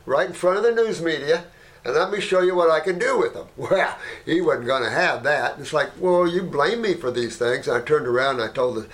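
A man who runs an herbal clinic, talking casually and rambling through anecdotes, often tagging "you know" and "right?", and growing animated as he tells them. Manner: animated, jumps up in pitch when telling stories.

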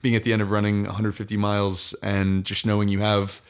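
A young man telling a long personal story in casual podcast chat, halting often and restarting his sentences. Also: fairly low pitch, completely flat delivery, clean tone. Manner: halting, frequent restarts and fillers.

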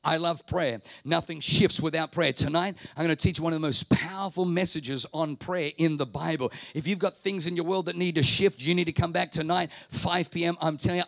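A pastor with a voice that sits high, a bit bright and touched with vocal fry, preaches a sermon with no room sound. His phrasing is emphatic and repetitive, full of rhetorical questions, and he calls on the congregation to respond aloud.

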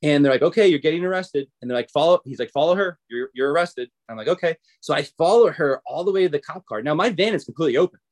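A man's voice: fairly high pitch, rapid-fire, hardly any pauses. A man who is a podcast guest, from the United States, telling a long story casually and acting out what other people said. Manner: animated, acts out others' lines in quotes.

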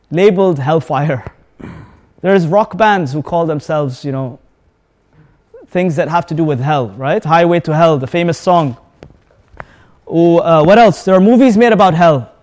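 A man giving a lively sermon to an audience, asking them questions and mixing Arabic words and recitation into his English. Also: on the high side, a little slow, long pauses. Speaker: Islamic preacher.

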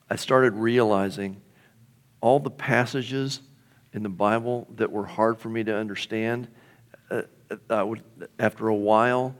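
A middle-aged male pastor preaching a sermon in a conversational way, often asking the congregation questions. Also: fairly low pitch.

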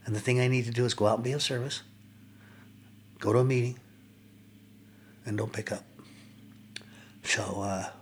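An older man, a podcast guest, telling his personal recovery story in an earnest, reflective way with frequent pauses. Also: mid-range voice, fairly even intonation, slight background noise.

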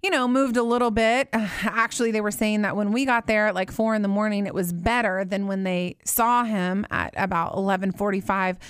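A woman in her thirties telling a personal faith story, earnest and heartfelt, slowing down to stress her words. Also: medium pitch, steady tone, clean tone, dry recording, studio quality. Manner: earnest, heartfelt, slows down for emphasis.

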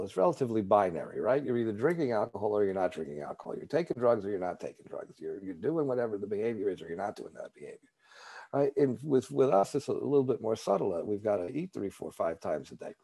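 A man with a low, creaky, mellow voice shares his personal story at a recovery support meeting. He's candid and conversational, often repeating words while gathering his thoughts.

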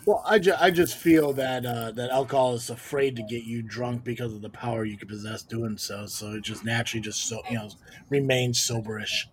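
A man's voice: mid-range voice, steady tone, a little fast, a little hiss or hum. A man hosting a casual live-stream podcast chat, joking and exasperated. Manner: joking, exasperated, mutters "Jesus". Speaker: podcast host and wrestling commentator.

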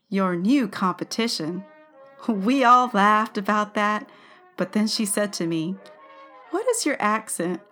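A woman's voice: mid-range voice, fairly bright tone. Giggly woman podcast host reading history. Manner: giggly, stumbles over words. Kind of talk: reading history aloud, casual chat.

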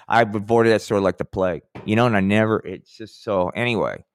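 A man's voice: fairly low pitch, fast, hardly any pauses, dry recording. A middle-aged man hosting a podcast, telling a long profane story in a rambling way and saying "man" often. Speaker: podcast host.

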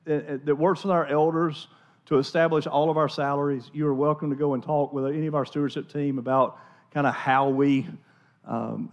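A male pastor preaching in a relaxed, conversational way, stumbling over restarts and repeating words as he goes. His voice sits a little on the high side for a man, and he speaks from a church. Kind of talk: sermon.

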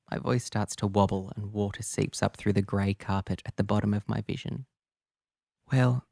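Male narrator, low gravelly voice, raw and confessional, first-person drama read. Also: a little mellow, no room sound, clean studio sound.

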